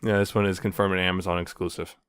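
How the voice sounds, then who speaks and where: A man's voice: low voice, level tone, fast, fairly bright tone, clear, resonant tone, no echo. A man co-hosting a podcast, chiming in with short remarks and corrections in a casual chat. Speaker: podcast co-host.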